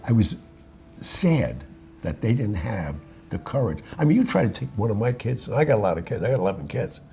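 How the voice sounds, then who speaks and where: Gravelly older New man. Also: lowish voice, a little fast, a little hiss or hum. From New York. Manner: animated, acts out the voices of people in his stories. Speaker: guest. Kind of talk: casual storytelling.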